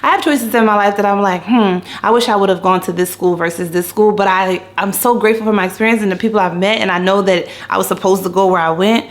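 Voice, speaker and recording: Candid, chatty woman from Philly; casual vlog to camera, mid pitch. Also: fast talker, few pauses. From Philadelphia. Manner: chatty, candid, playful quoting voices. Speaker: vlogger.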